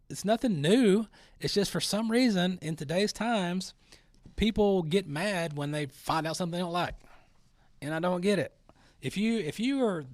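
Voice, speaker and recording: A man's voice: a little high, dry recording. A middle-aged man hosting a talk show, ranting in a sarcastic, casual way and mocking the people he describes. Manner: sarcastic, mocking imitations of others. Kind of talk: casual opinion monologue.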